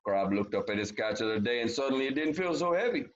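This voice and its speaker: A man reading a storybook aloud to young children, with a middle-pitched voice. He breaks in often with lively, chatty asides to his listeners. The recording sounds dull and lo-fi. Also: fast talker.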